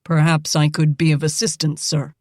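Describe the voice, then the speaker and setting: A woman voicing a polite, composed young army doctor in a lowered, measured voice. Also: level tone, a little mellow, no room sound, clean studio sound.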